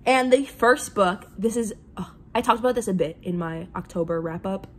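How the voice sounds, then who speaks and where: A woman casually reviewing books in a vlog, gushing and excitable, with lots of "like" fillers. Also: medium pitch, normal speed. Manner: gushing, excitable, heavy use of "like". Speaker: book reviewer.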